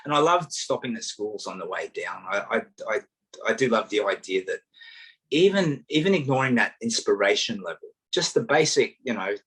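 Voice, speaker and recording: A low, husky-voiced Australian man tells stories in a relaxed interview. He is animated and pokes fun at himself as he talks. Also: normal speed, low-quality recording. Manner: animated storyteller, self-mocking humour, acts out voices. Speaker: guest. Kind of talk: casual conversation.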